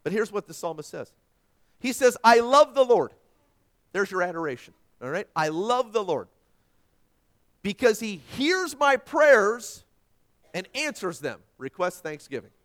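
A man preaching a sermon as pastor, folksy and animated, moving from loud emphasis to soft asides. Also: high-pitched, moderate pace.

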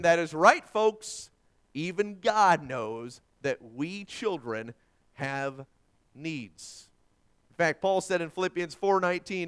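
High-voiced, clear preaching man. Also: moderate pace. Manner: dramatic, swinging from forceful to hushed; emphatic scripture quoting. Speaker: pastor. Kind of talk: sermon.

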